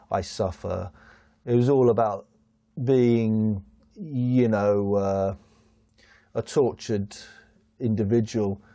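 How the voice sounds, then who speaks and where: Dry, dark, flat-voiced male commentator. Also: on the low side, dry recording. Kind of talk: wry documentary commentary.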